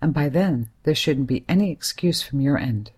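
A woman reading the part of a hesitant but serious young man, a gentle family friend, in an audiobook. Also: a little high, expressive, moderate pace, slightly rough. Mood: pleading. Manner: hesitant yet serious, soothing.

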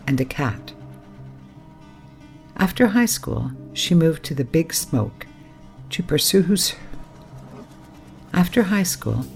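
A man's voice: fairly high pitch, creaky. Man reading a radio show introduction. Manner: measured, slow, deliberate reading. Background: soft guitar music.

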